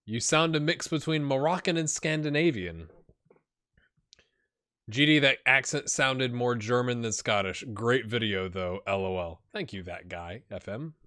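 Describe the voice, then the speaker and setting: A man's voice: mid-range voice, measured pace, bright, forceful tone, dry recording, studio quality. A man hosting a gaming channel, chatting casually through video game commentary and often repeating words as he thinks aloud.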